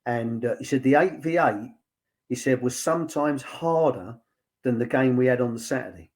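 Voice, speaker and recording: A man's voice: mid-range voice, normal speed, darkish tone. An older man, a former football academy director, chatting as a guest and retelling stories with many fillers and repeated "he said.". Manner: chatty storyteller, lots of "he said" and fillers. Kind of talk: anecdotal casual chat.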